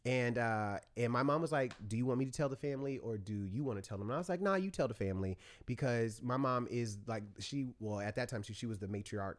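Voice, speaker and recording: A young man in casual chat as a podcast guest, an animated storyteller who acts out his family's voices. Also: medium pitch, quick pace, few pauses.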